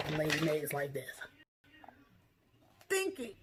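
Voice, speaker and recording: A woman with a slightly low voice recaps a TV drama episode in a casual, outspoken way. She is animated and breaks into loud exclamations as she talks straight to her viewers. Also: normal speed, pauses often, a little hiss or hum. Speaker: TV show recap vlogger.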